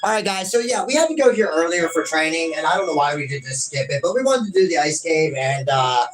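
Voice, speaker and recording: A man's voice: a little high, expressive, fast. A man hosting a video game playthrough, rambling and apologizing to his viewers in casual, swear-laced talk. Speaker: gaming host. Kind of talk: let's-play commentary.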